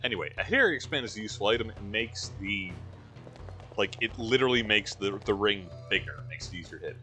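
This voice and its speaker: A man's voice: fairly low pitch, lively intonation, fast, bright, forceful tone, faint music behind. A man hosting a let's play, giving casual gameplay commentary with wry, joking asides.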